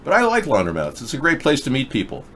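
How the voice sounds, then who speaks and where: A man's voice: mid-range voice, wildly swooping pitch, fast talker, a bit bright, slight background noise. Rambling sarcastic male show host. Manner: rambling, sarcastic, mocking chatters. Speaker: political talk show host. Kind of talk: casual livestream chat. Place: in the US Pacific Northwest.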